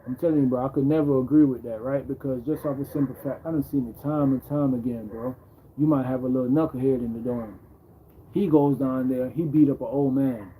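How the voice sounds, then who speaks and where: Laid-back man with a dark voice. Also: medium pitch, steady tone, fairly quick, a little hiss or hum, rough recording. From Jamaica. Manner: laid-back, repeats himself, ends phrases with "bro". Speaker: livestream host. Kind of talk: casual livestream storytelling.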